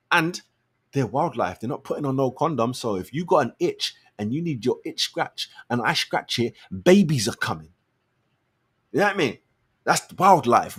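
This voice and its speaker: A man hosting a show, ranting his opinions in blunt, slangy, animated talk. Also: breathy edge. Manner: animated, slangy and blunt, swings between low mutters and loud outbursts. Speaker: show host. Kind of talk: casual opinion rant.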